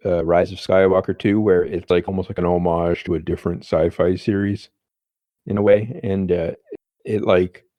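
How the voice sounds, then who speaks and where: A man co-hosting a podcast, talking in a halting, hesitant way. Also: low-pitched, flat delivery, warm tone, dry recording. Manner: hesitant, many fillers and restarts. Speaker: podcast co-host. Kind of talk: casual chat.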